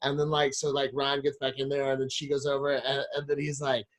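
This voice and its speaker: A man's voice: mid-range voice, completely flat delivery, a little fast. A man, a podcast guest, telling a crude comic story with lots of swearing and acting out other people's lines.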